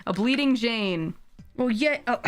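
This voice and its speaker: A woman streaming a game, chatting casually, animated, swearing and laughing often. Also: fairly high pitch, slow pace. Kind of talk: casual gameplay stream commentary.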